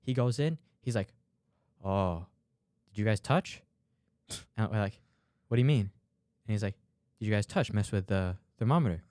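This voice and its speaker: A young man co-hosting a podcast, telling stories in an animated way and acting out the people in them. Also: lowish voice, fairly quick, no echo, studio quality. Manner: animated storyteller, acts out dialogue, fillers like "dude". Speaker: podcast co-host. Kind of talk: casual chat.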